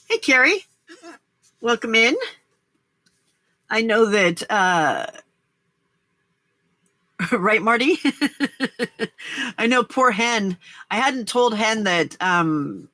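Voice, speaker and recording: A woman's voice: mid-range voice, very slow, long pauses, pushed and bright, no echo. An older woman hosting a casual late-night crafting livestream, chatting and laughing often as she answers viewers' comments. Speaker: livestream host.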